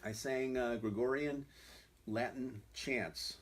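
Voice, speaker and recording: A man's voice: medium pitch, slow, a little hiss or hum. A man who is a guest musician, telling stories in a rambling way, full of "you know" fillers. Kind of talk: conversational storytelling.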